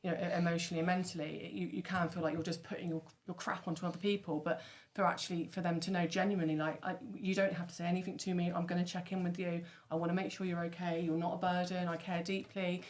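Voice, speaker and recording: A woman co-hosting a casual podcast chat, earnest and rushed, full of restarts and fillers. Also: on the low side, level tone, a little mellow. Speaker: podcast co-host.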